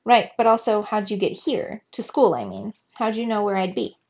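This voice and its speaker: A woman's voice: medium pitch, sing-song, normal speed, darkish tone, lightly acted. A woman reading aloud, voicing an inquisitive, bookish girl of about twelve, on a slightly muffled recording. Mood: curious.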